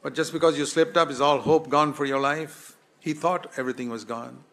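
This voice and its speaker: A man's voice: a little high, steady tone, a little fast, vocal fry, a bit bright. A man preaching a sermon in an earnest, pleading way, putting direct questions to his listeners.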